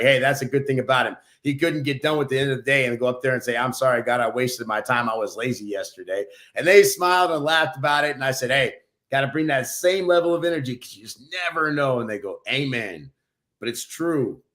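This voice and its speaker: A man's voice: mid-range voice, fairly bright tone. A man co-hosting a podcast, telling a personal anecdote in an earnest, chatty way. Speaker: podcast co-host. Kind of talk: casual storytelling on a podcast.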